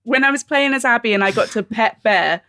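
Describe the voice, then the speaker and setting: A woman's voice: fairly high pitch, fairly quick, fairly bright tone. A woman chatting casually and earnestly about a game. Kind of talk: casual chat.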